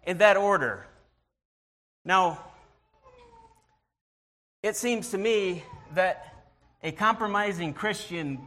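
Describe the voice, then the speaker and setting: A man giving an informal sermon, earnest and halting, often restarting and repeating his words as he searches for them, and reading scripture in a slower voice. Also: fairly high pitch, bright, forceful tone. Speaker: lay preacher.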